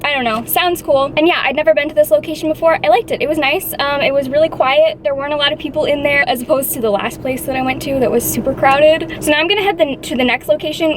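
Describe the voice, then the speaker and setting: Young woman book vlogger, chatty and rambling, slightly high voice, faint noise behind. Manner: chatty, rambling, frequent "like" fillers. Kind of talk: casual vlog.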